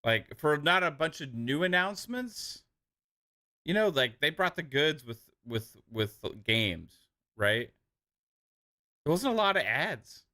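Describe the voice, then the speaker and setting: A man's voice: a little high, very animated, takes it slowly, sharp tone. A man co-hosting a live stream, chatting casually and enthusiastically about game trailers in loose slangy talk. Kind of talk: casual gaming show chat.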